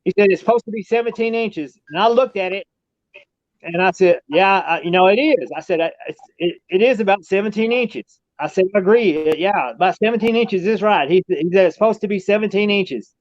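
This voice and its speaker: A man with a fairly high voice spins a long, rambling tale, repeating himself as he goes. His folksy speech comes through a dull, lo-fi line with no room sound around it. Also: brisk, no room sound. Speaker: podcast guest recounting an alien encounter. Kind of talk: casual storytelling.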